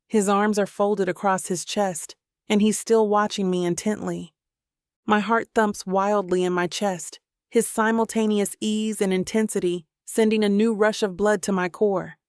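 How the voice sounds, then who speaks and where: A woman narrating a first-person romance audiobook with an expressive, inner-monologue style. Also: mid-range voice, no echo, studio quality.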